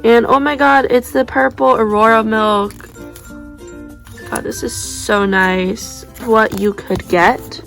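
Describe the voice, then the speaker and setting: A young woman chatting casually as she unboxes squishy toys, gushing and gasping with excitement. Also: a little high, slow, vocal fry, soft background music. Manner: excitable, gushing, breathless gasps.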